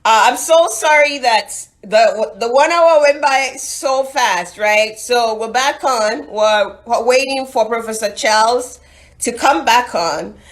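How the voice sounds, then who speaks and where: A woman's voice: on the high side, a bit bright. A Nigerian woman with a Nigerian accent hosting a live online webinar, encouraging and motivational, on a video call mic. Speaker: webinar host.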